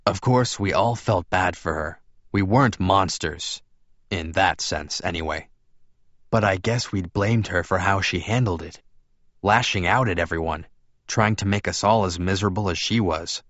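A man narrating an audiobook in a steady first-person storytelling voice. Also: low-pitched, normal speed, dry recording. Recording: dull, dry lo-fi recording.

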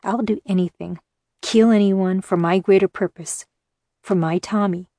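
A woman reading the lines of a grim, pragmatic male captor who talks in a steady, matter-of-fact way. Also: mid-range voice, moderate pace, no room sound, clean studio sound, natural voice.

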